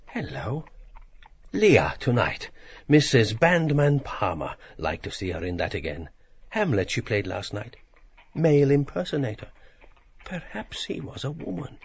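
A man's voice: on the low side, gravelly, slight background noise, full character voice. An actor playing a mild, wistful man who muses and hesitates. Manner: musing, hesitant, rambling inner talk. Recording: dull lo-fi radio drama recording.

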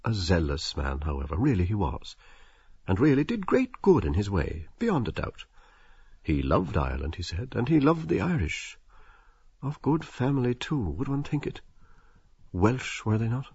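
Husky low guy reading a novel, wry and measured, dry dull recording. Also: dry recording. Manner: measured, wry, expressive storytelling. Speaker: audiobook narrator. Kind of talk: scripted literary narration.

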